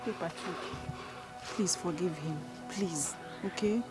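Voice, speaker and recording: A Nigerian woman playing a sister who pleads for calm in a family fight. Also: high voice, normal speed, over loud music. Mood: pleading. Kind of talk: Nollywood film acting.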